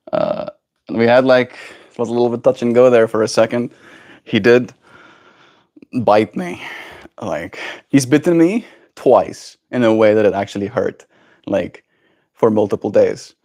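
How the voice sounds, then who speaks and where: A young man streaming casually from home, chatting and slipping into high sing-song baby talk with his pet bird. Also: a little slow, creaky, long pauses, a little mellow. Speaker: daily livestreamer. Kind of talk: casual chat. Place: home, indoors.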